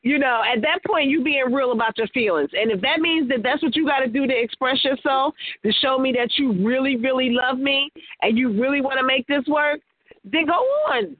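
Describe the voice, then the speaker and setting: A woman co-hosting a radio talk show teases and questions the men in casual chat. Her voice is high, and the sound is dry and squeezed into a narrow phone-like band. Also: fairly quick, no room sound. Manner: teasing, questioning.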